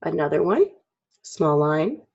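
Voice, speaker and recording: Casting: low, husky woman teacher, frog in her throat, chatty and clearing her throat; dull lo-fi recording. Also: sing-song, slow, a little mellow. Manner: chatty, clears throat often, acts out expressions. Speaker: drawing teacher. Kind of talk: casual drawing tutorial.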